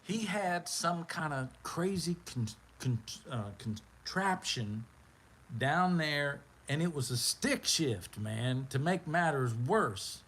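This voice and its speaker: A man telling a rambling, animated story on a livestream. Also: a little high, takes it slowly. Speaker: livestream host. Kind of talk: casual storytelling.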